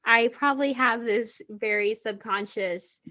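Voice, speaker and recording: A young adult woman talking as a guest author in a casual interview, chatty and animated, often laughing. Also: fairly high pitch, a little slow.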